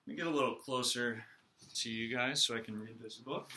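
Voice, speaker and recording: A male teacher reads a children's picture book aloud, animated and expressive. His voice is strikingly bright and forceful, at a middle pitch. He sits close to the camera. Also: brisk, a little hiss or hum. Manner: animated storytelling. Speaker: reader, teacher.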